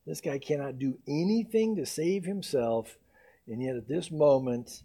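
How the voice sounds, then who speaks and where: A man preaching a sermon, reading scripture with rising intensity and dropping to a soft, intimate tone to drive points home. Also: a little high, big pitch swings, normal speed, husky. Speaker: pastor.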